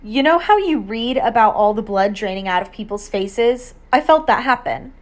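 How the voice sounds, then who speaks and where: A woman reading an audiobook aloud, measured storytelling narration in the first person. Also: a little high, expressive.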